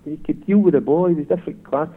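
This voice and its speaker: A man's voice: a little high, fast talker. Scottish man on a tinny phone line. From Scotland. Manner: reflective storyteller. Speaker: caller, former footballer. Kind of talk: casual chat.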